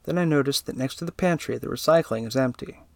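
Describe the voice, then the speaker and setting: A man reading a first-person story aloud in a steady, even narrating voice. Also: medium pitch, fast talker, creaky, no echo.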